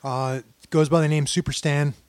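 A man's voice: on the high side, steady tone, darkish tone, no echo. A man co-hosting a podcast, joking and teasing in casual chat. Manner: joking, teasing, quick asides. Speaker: podcast co-host.

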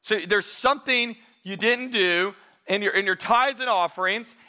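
A man's voice: high-pitched, normal speed, sharp tone, smooth. A man preaching a sermon as pastor, talking conversationally to his congregation and reading scripture aloud with emphasis.

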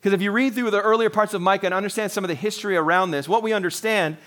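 A man's voice: sits high, rapid-fire, a bit bright. A man in his forties, a pastor, preaching a sermon in an earnest, conversational way with frequent restarts.

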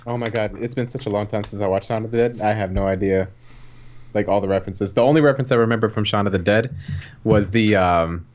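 Rambling low-voiced man on a dull mic. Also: fast talker, darkish tone. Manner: rambling, filler-heavy, casual swearing. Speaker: podcast co-host. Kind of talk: casual chat.

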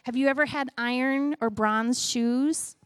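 A middle-aged woman giving a sermon with a children's object lesson, animated and playful as she talks to the kids and the congregation. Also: high-pitched, a little slow, clear, resonant tone, dry recording, studio quality. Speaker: church speaker giving a children's message.

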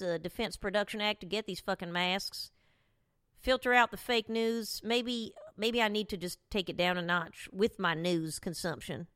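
A woman's voice: lowish voice, a bit bright, no room sound. Profane rambling woman host, dry sound. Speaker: talk show host. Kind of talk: casual rant. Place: at home.

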